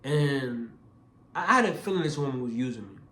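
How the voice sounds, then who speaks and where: A young vlogger with a mid-range voice casually tells a personal story a little fast, and the sound is roomy. He is animated, acting out quoted voices, and often repeats words and restarts.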